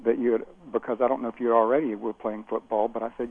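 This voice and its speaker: A man's voice: mid-range voice, level tone, fast talker. An older man phoning in to a radio show, recalling the past in a friendly way. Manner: friendly, recollecting. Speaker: caller. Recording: tinny phone line.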